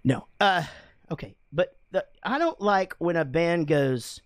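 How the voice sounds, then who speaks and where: A man's voice: high voice, animated, moderate pace, no room sound, clean studio sound. A man hosting a podcast in casual, rambling chat, swearing often and laughing a lot. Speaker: podcast host. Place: studio room with guests.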